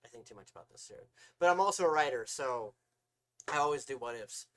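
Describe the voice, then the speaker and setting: A man co-hosting a casual podcast, telling long, animated stories, acting out voices and swearing often. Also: mid-range voice, fairly quick, a little hiss or hum. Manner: rambling, animated storytelling that acts out voices, with frequent swearing. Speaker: podcast co-host.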